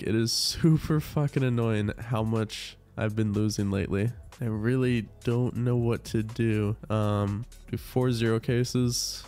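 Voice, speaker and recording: A congested man giving casual, swearing play-by-play commentary as he opens cases, frustrated and excitable. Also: mid-range voice. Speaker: gambling video host.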